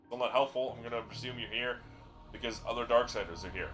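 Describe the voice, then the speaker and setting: A man's voice: mid-range voice, fairly even intonation, fast, a bit bright, faint music behind. A male streamer reading a game's lines aloud in a dry, plain way. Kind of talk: reading game dialogue aloud.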